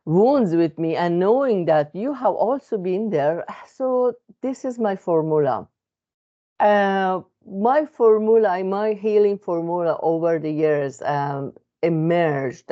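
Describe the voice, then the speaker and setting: A therapist, a woman with a non-native English accent, earnestly sharing a reflective self-help monologue with many pauses and restarts. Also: fairly low pitch, dark tone, highs cut off. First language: not English.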